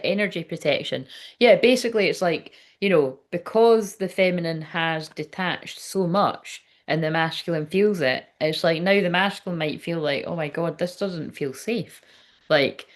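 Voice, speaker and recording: A woman giving a casual tarot reading, chatty and frank, swearing often and laughing as she talks. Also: on the low side. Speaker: tarot reader.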